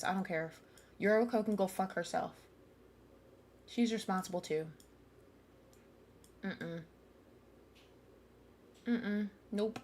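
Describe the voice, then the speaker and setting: A woman's voice: medium pitch, a little hiss or hum. A young woman streamer commenting live on a game, ranting angrily and swearing at the characters. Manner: angry, profane, ranting at characters.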